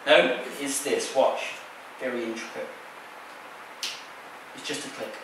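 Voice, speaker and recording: A man's voice: mid-range voice, fairly even intonation, slow, noisy background. A man performing a card trick on stage, teasing his volunteer with playful patter. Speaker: stage magician. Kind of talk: live stage magic patter. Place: large theater stage. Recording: echoey theater sound from a distance.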